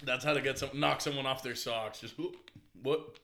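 A young man in casual chat, excitable and profane, often laughing. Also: medium pitch, fast talker, gravelly, a little hiss or hum. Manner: excitable, swearing, laughing a lot.

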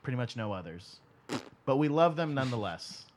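A man's voice: mid-range voice, very animated, a little fast. A man hosting a casual music podcast with friends, joking and restarting his sentences. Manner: joking, loose, hesitant restarts. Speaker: podcast host.

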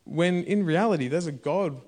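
A man's voice: fairly high pitch, moderate pace. A man, preaching a conversational sermon in a church. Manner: conversational and animated, bursts into shouts. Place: church hall.

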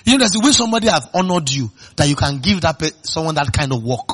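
A male pastor with a Nigerian accent preaching a sermon. He keeps asking the congregation questions and swings between loud emphatic bursts and quiet, low asides. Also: animated, fast talker, breathy edge. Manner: call-and-response questions to the congregation.

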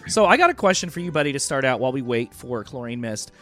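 A man's voice: medium pitch, big pitch swings, quick pace, fairly bright tone, soft background music. A man hosting a casual online hangout, loose and slangy, talking over a video call. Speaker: host. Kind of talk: casual chat.

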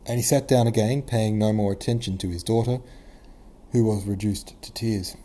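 A man narrating a classic novel as an audiobook, measured and even-toned. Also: fairly low pitch.

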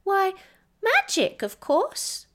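A woman voicing an earnest, sad little girl in a storybook reading, in a high childlike pleading voice. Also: wildly swooping pitch, extremely slow, a bit bright, heavily acted.

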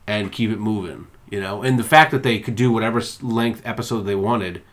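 A man co-hosting a podcast who chats casually, retelling a show in a rambling, animated way with plenty of swearing. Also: on the low side, brisk. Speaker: podcast co-host. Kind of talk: casual chat about a TV series.

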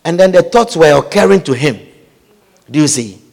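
A man's voice: on the high side, animated, moderate pace, creaky, darkish tone, in a large hall. A male preacher delivering a sermon, emphatic, repeating his lines and asking the congregation whether they follow.

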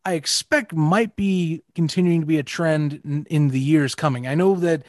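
A man's voice: on the high side, moderate pace, a little mellow, no echo, clean studio sound. A man co-hosting a casual sports podcast, talking hesitantly with lots of restarts. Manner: hesitant, many restarts and fillers. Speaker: podcast co-host.

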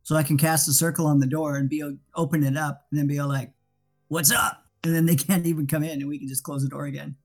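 Gravelly man ranting sarcastically at the table. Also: on the high side, little pitch movement, quick pace, few pauses, a little mellow, faint music behind. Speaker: tabletop game player. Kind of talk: in-character tabletop banter.

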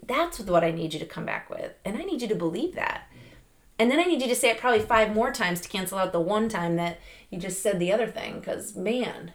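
A middle-aged woman hosting a podcast, giving an animated, chatty motivational talk with lots of fillers and laughs. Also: medium pitch, a little fast. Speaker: podcast host. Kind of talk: casual motivational monologue.

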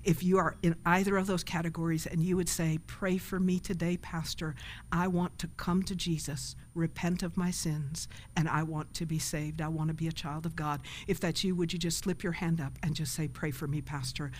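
A woman's voice: sits low, little pitch movement, moderate pace, slight background noise. A woman pastor preaching a sermon and leading an altar call, emphatic and calling for responses from the congregation.

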